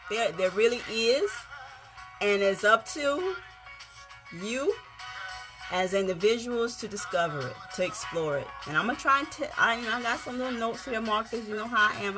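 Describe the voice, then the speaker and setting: A woman from South Carolina with a Lowcountry Gullah-Geechee accent, chatting on a livestream in a folksy way and greeting viewers by name. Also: moderate pace. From Yamassee, South Carolina. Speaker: livestream host. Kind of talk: casual encouraging livestream talk. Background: faint music.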